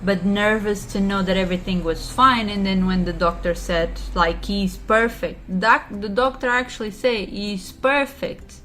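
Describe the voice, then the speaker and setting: A woman's voice: mid-range voice, normal speed, hardly any pauses, a bit bright, slight background noise. A woman in her thirties, a pregnant vlogger, talking in a rambling, emotional way and leaning often on "you know" and "like". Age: 30s. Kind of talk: casual confessional vlog chat.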